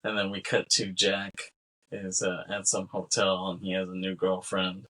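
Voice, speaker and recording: A man with a low, slightly husky voice talks through a film's plot in casual podcast chat. He rambles from beat to beat, putting on the characters' lines as he goes and laughing along. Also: completely flat delivery, moderate pace, bright, forceful tone, low-quality recording. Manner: rambling recap with acted-out quotes and laughs. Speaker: podcast co-host. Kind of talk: casual film discussion.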